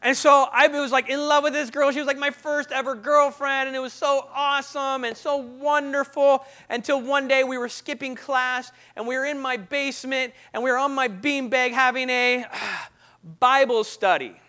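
A preacher in his thirties tells his testimony from the pulpit, joking with his congregation. His voice sits very high for a man and has a bright, forceful edge. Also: normal speed. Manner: storytelling, animated, jokes with the congregation. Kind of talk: sermon testimony.

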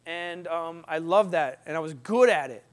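A young man giving a lively motivational talk to an audience, acting out little scenes and voices as he tells stories. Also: on the high side, normal speed. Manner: animated, acts out voices and sound effects. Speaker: speaker.

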